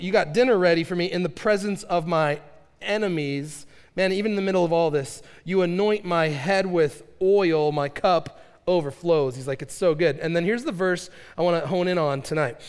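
Chatty high-voiced preacher in a hall. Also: male voice, smooth. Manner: chatty, fast, full of "like" fillers. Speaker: youth pastor. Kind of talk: casual sermon. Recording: long hall reverb.

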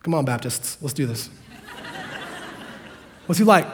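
A man preaching a sermon to a congregation, animated and joking, acting out the characters in the story. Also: a little high, unhurried, long pauses, a little hiss or hum. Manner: animated, acts out quotes, jokes with the congregation. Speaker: pastor.

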